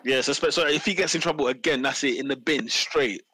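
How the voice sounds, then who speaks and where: A man's voice: medium pitch, fairly quick, low-quality recording. A young man, teasing and laughing through casual football banter as a podcast co-host. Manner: laughs often, loud and teasing.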